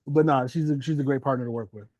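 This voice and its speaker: A meeting host speaking informally and warmly of a colleague, with a relaxed, teasing manner. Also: medium pitch, fast, dry recording, lo-fi sound. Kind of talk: casual meeting chat.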